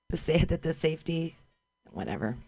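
A woman's voice: deep voice, dark tone, slightly rough, no room sound. A woman doing stand-up comedy outdoors on a street corner, calling out to passers-by and joking about herself. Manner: calls out to passers-by, self-mocking.

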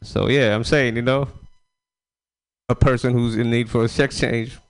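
A man's voice: mid-range voice, steady tone, moderate pace, smooth. A man performing a casual, rambling stand-up set at an open mic, laughing at his own jokes. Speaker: stand-up comedian.

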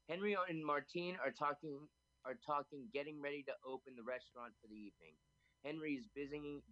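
Male narrator, bright tone, dull lo-fi call audio. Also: medium pitch, no room sound. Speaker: narrator of a table read. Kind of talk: reading stage directions. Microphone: video call.

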